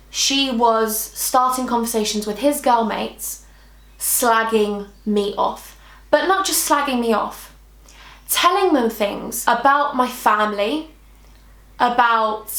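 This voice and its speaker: Woman, British accent, twenties, emotional storytime vlog, fairly high pitch, echoey room. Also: fairly bright tone. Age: 20s. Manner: emotional, chatty, heavy on "like" and repeats. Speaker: vlogger.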